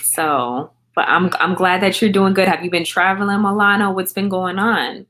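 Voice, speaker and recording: Woman, thirties, American accent, low voice, chatty livestream host answering viewers. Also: moderate pace, fairly bright tone, a little hiss or hum. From grew up in England on a US military base. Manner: chatty, greets viewers by name and answers chat comments. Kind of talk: casual livestream chat.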